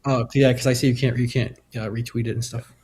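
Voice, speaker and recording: A man co-hosting a casual live stream, laid-back and halting as he joins in the chat. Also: mid-range voice, flat delivery, darkish tone, breathy edge. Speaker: co-host.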